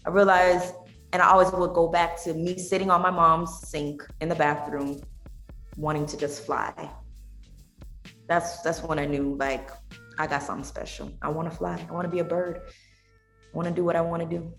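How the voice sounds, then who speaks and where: A woman's voice: sits low, flat delivery, moderate pace, a bit bright, roomy sound, faint music behind. A young adult woman, a podcast guest, telling her story in a heartfelt, emotional way. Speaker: guest, singer and tea business owner. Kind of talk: candid podcast conversation.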